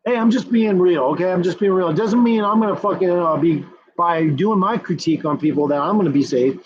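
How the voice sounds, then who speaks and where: In a dull, lo-fi recording, a husky, high-pitched man rants through foul-mouthed, combative streamer commentary at a moderate pace. He keeps hammering the same points over and over, profane and repetitive throughout.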